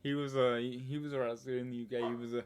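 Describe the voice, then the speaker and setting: A man's voice: mid-range voice, flat delivery, fast talker, a crowd in the background. An American man co-hosting a music reaction video, chatting casually with wry, sarcastic asides. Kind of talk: casual chat.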